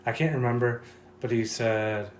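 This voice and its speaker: A man's voice: medium pitch, steady tone, normal speed. Young male podcast co-host, crude, laughing storyteller, roomy echoey room. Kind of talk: casual chat. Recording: roomy echo, faint noise.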